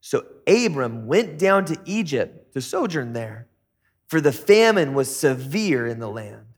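A man's voice: big pitch swings, a little slow, slightly rough. A middle-aged man preaching a sermon as pastor, conversational with jokey asides. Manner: conversational, jokey asides with sudden high-pitched bursts.

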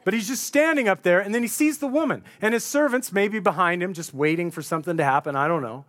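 A man with a notably high voice for a man, preaching a sermon. He retells a story in a loose, conversational way, painting the scene vividly for his listeners. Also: quick pace, a bit bright.

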